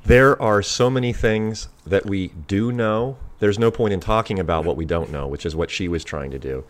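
A man's voice: lowish voice, normal speed. A man who is a physician, speaking as a talk-show guest and pressing each point with firm emphasis. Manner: emphatic and insistent, stressing key words.

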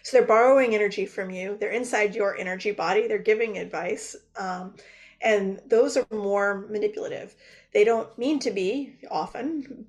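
A woman talks as a podcast guest, explaining at an unhurried pace with many pauses and fillers. Her voice sits in a middle range for a woman. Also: mid-range voice. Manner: thoughtful, with frequent "um" pauses. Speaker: guest, spiritual practitioner. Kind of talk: casual podcast conversation.

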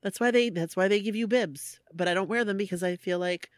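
Upbeat woman cohost cracking jokes, average pitch, dry close mic. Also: no room sound. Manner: upbeat, joking, quick chimes. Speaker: podcast co-host. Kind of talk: casual chat.

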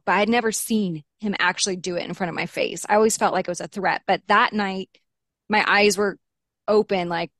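A woman's voice: steady tone, a little fast, a bit bright, no room sound, studio quality. Candid woman recounting a frightening ordeal. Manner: candid, rising pitch when quoting heated exchanges. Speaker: interview guest.

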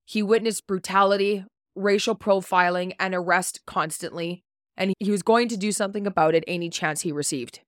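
A woman's voice: mid-range voice, steady tone, normal speed, no echo, studio quality. A woman hosting a podcast, reading a prepared story segment in a blunt way, swearing casually and stumbling over unfamiliar names. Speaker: podcast host.

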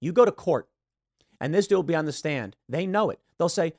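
A man's voice: a little high, expressive, fast talker, a little mellow, no echo. A man from Chicago hosting a political commentary show, talking sarcastically and telling stories into a studio microphone. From Chicago, USA. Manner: sarcastic, storytelling. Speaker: show host.

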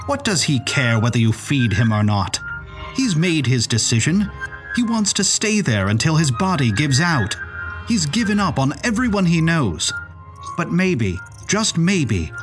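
A man's voice: mid-range voice, lightly acted. A man voicing a young woman who speaks bold, blunt and earnest. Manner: fierce, earnest.

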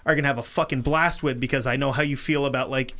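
A man's voice: mid-range voice, fairly even intonation, fast, bright, forceful tone. A man hosting a true crime podcast in casual chat, swearing freely, rambling and laughing often. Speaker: podcast host.

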